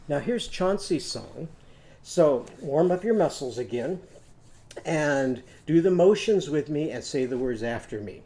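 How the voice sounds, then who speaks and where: A man with a slightly raised, mellow voice teaches phonics to young children. He tells a story in a gentle sing-song way, then leads them through chants and hand motions. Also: on the high side, animated, normal speed. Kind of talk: children's phonics lesson with songs.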